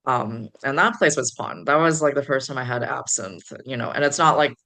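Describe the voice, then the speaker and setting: Rambling woman guest with a bright voice. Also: extremely low pitch, brisk. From Chicago area. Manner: rambling, digressive, many fillers. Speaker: podcast guest. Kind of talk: casual podcast chat.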